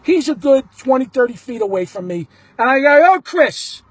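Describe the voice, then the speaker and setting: Animated man telling a story, husky voice. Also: extremely high pitch, brisk, no room sound. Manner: animated, blunt, acts out the quotes. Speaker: baseball fan telling a story. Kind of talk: casual storytelling to camera.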